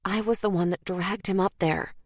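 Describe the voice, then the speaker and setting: A woman's voice: mid-range voice, steady tone, moderate pace, dry recording, clean studio sound, natural voice. A woman reading the part of a tense, defensive female FBI profiler in an audiobook.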